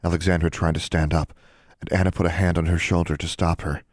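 Deep-voiced man narrating a story. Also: fast, dry recording, clean studio sound. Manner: expressive reading, voices each character. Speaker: audiobook narrator.

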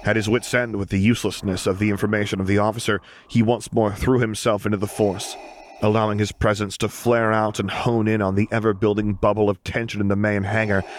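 Low-voiced male story reader. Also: level tone, brisk, a little hiss or hum. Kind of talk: audiobook fan-fiction reading.

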